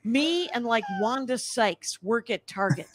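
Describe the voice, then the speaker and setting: A woman's voice: on the high side, expressive, unhurried, no room sound. A middle-aged woman comedian telling wry stories in a casual podcast chat. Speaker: comedian guest.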